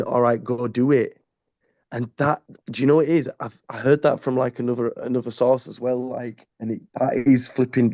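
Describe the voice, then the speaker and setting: A man's voice: medium pitch, warm tone, no echo, lo-fi sound. A man in a casual group discussion on a video call, rambling through a memory with many fillers.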